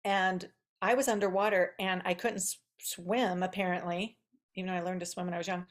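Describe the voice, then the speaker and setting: A woman's voice: fairly low pitch, fairly even intonation, brisk. Chatty woman telling a story, laughing often. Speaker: podcast host. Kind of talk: casual storytelling chat.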